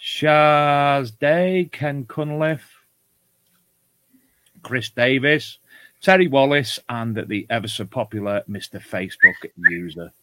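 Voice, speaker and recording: A man's voice: mid-range voice, slow pace, pushed and bright, no echo. Jokey English man co-hosting. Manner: jokey, banters and reads out chat names. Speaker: co-host. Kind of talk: casual podcast chat.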